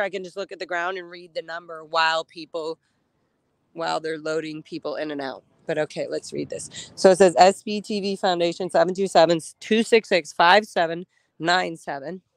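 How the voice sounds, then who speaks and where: A woman's voice: fairly low pitch, fairly even intonation, brisk, no echo, rough recording. Woman streamer, outdoors on phone, emotional, chatty, speaks straight to viewers. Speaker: livestreamer. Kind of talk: outdoor livestream chat. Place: outdoors on a street.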